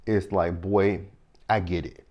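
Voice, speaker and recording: A man's voice: low voice, slow, lo-fi sound. A man, casually recapping a TV episode and talking straight to his viewers. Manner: chatty and animated, talks to viewers directly. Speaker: TV show recap host.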